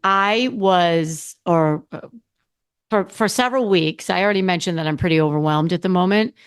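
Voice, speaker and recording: A middle-aged woman with a fairly low, smooth voice speaks at a moderate pace on her own podcast. Her solo talk is casual and candid, and she rambles, often restarting and correcting herself.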